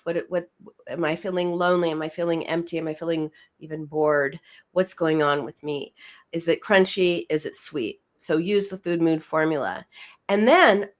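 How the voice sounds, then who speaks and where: A woman psychoanalyst explaining her method as an interview guest, emphatic and quick to repeat and restart words. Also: lowish voice.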